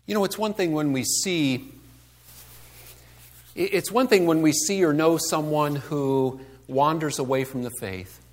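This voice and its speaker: Guy preaching, slightly high voice, lots of rhetorical questions, acts out quotes. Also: unhurried. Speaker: pastor. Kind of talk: sermon.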